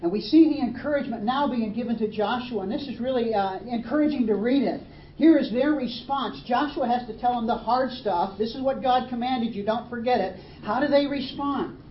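A woman's voice: fairly high pitch, brisk, reverberant, highs cut off, slight background noise. A woman preaching a sermon, earnest and emphatic, reading scripture aloud. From Australia. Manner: earnest, emphatic preaching with dramatic read quotes.

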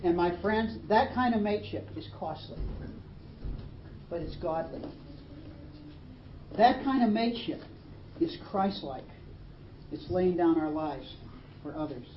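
A woman's voice: lowish voice, animated, unhurried, pauses often, roomy sound, dull audio, slight background noise. A woman preaching a sermon, earnest and emphatic, reading scripture aloud. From Australia. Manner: earnest, emphatic preaching with dramatic read quotes.

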